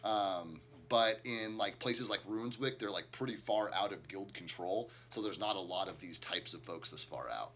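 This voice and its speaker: A man's voice: lowish voice, moderate pace, few pauses, a bit bright. A man narrating a tabletop game as game master, loose and chatty with lots of filler words. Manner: casual, heavy use of filler "like".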